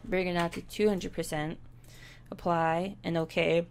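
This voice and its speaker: Slow-talking woman with a gravelly fry. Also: fairly low pitch, little pitch movement, slight background noise. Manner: chatty and unhurried, with loud test screams. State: voice cracking from screaming. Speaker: streamer testing a microphone. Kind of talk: casual vlog talk to camera. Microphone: desk USB microphone with pop filter.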